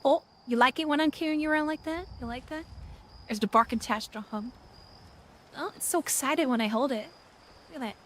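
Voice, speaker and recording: A woman's voice: high-pitched, fairly bright tone. A woman streaming a game in casual chat, talking sweetly and playfully to her in-game dog.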